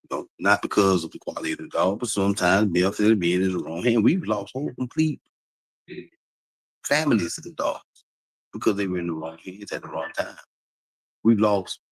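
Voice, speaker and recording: A man whose slightly rough voice sits low talks casually to his livestream viewers. He is animated and preachy, repeats himself and laughs often; the recording is dry and the audio poor.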